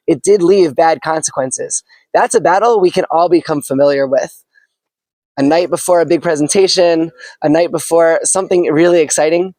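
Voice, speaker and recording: Earnest man with a high voice. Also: dry recording, low-quality recording. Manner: earnest, animated storyteller. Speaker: teacher giving a weekly Torah talk. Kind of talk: storytelling sermon.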